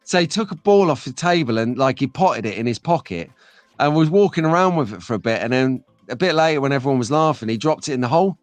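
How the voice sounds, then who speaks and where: Middle-aged host, casual live-stream chatter, dry room, faint music. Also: male voice, mid-range voice, expressive, quick pace, no echo. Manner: chatty, rambling, reads chat comments aloud.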